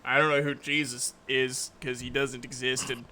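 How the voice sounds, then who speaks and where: A man's voice: mid-range voice, level tone, moderate pace, pushed and bright. A man running a tabletop game as dungeon master, joking and laughing often in casual chat.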